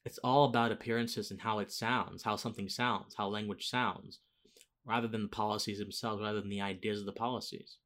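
A lowish, fairly bright male voice talks fairly quickly with fairly even intonation. He hosts a relaxed political commentary monologue, drifting and restarting before rising into emphatic outbursts.

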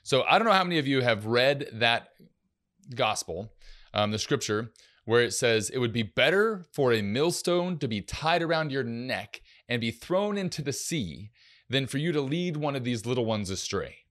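A middle-aged man hosting a casual faith-based parenting podcast, talking in a relaxed, rambling way with many fillers. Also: mid-range voice, normal speed. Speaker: podcast host, youth minister.

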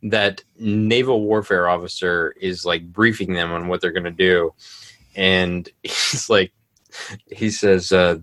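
Low-voiced joking male podcast host. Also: steady tone, slow, a bit bright, dry recording. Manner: joking, acts out film scenes in quotes. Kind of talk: casual chat.

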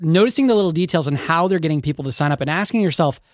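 A man's voice: a little high, lively intonation, racing, no room sound. A male podcast co-host in casual chat, easygoing and thoughtful, reasoning things out aloud.

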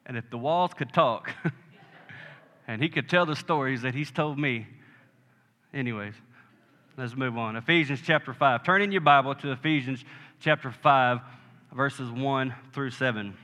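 Bright-voiced preaching man in echoey hall. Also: medium pitch, normal speed, long pauses. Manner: emphatic preaching with call-and-response. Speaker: pastor. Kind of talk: sermon. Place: church sanctuary. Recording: echoey hall with long reverb.

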